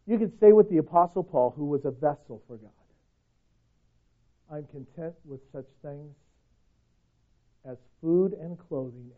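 A male pastor preaching a sermon with passion, swinging from loud urgent pleading to quiet intensity and repeating phrases for emphasis. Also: fairly high pitch. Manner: passionate, swings from shouting to near whisper. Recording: tinny phone-like audio.

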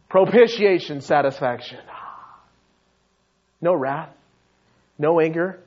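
A man with a very high voice delivers a sermon with sweeping intensity. He drops to hushed, intimate tones, then rises to shouting fervor. The recording is dull and lo-fi. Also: unhurried, long pauses. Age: adult with young sons. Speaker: pastor.

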